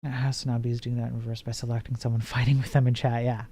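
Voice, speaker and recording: A man's voice: mid-range voice, level tone, quick pace, warm tone. A man streaming as he codes, chatting casually and joking, often restarting his sentences. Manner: joking, rambling, trails off in restarts. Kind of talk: casual chat while coding.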